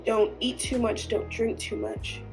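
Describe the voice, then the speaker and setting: A woman's voice: on the high side, big pitch swings, measured pace, soft background music. Tearful woman podcaster, earnest and emotional. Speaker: podcast host. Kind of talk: heartfelt solo podcast talk.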